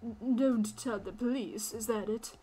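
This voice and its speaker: A woman's voice: on the high side, a little slow, dark tone, soft background music, natural voice, low-quality recording. Woman voicing a panicky middle-aged minister. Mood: anxious. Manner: nervous, pleading. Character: anxious middle-aged male minister, frightened father.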